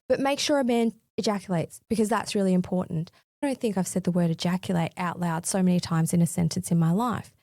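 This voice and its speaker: A woman's voice: mid-range voice, warm tone, no echo, clean studio sound. A woman in her forties hosting a solo podcast, talking in a cheeky, frank, chatty way with a bit of mild swearing. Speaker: podcast host. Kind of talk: scripted solo podcast monologue.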